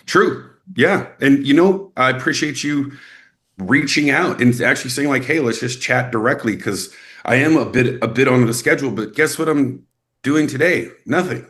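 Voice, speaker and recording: A young adult man from Texas, an actor guest in a casual interview, telling animated stories and acting out quoted people. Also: normal speed. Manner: animated storyteller, acts out quotes with rising pitch.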